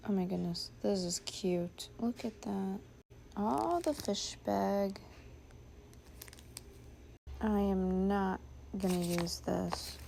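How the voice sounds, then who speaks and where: Slow, gravelly woman thinking aloud. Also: mid-range voice, a little hiss or hum. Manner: musing, chatty, thinking aloud; drops to a soft whisper at times. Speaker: sewing vlogger. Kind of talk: casual narration while sorting.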